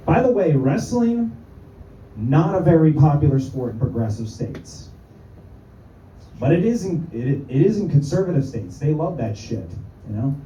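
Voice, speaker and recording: A man's voice: on the high side, big pitch swings, normal speed, dark tone, a little hiss or hum. A man doing a stand-up set, crude and self-mocking, full of rambling asides. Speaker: stand-up comedian. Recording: echoey room, far from the mic, dull.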